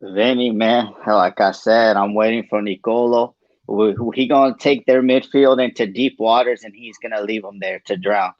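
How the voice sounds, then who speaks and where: A man's voice: lowish voice, fairly even intonation, moderate pace, no room sound, dull audio. Laid-back man on a dry call. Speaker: podcast guest. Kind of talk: casual chat.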